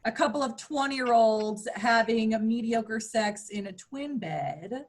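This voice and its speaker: A woman's voice: unhurried, a little hiss or hum. Bawdy woman in her thirties doing stand-up. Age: 30s. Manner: bawdy, playful, jumps into high mock voices for punchlines. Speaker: stand-up comedian. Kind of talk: virtual stand-up set.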